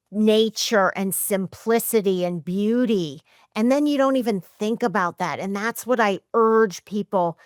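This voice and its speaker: A middle-aged woman hosts a podcast in a lively, emphatic way, often acting out her own racing thoughts. Her voice is smooth and clear, and it sits in an ordinary middle register. The sound is dry and close, with no room around it. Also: mid-range voice, no echo. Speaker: podcast host. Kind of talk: casual podcast chat.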